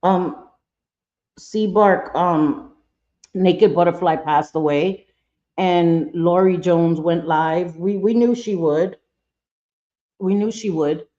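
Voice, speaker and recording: A woman hosting a livestream who rants in anger and circles back to the same phrases again and again. Her voice is mellow and dark, and the sound is dull and lo-fi. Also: lowish voice, takes it slowly, long pauses. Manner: angry, ranting, repeats herself. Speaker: livestream host. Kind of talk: casual livestream commentary.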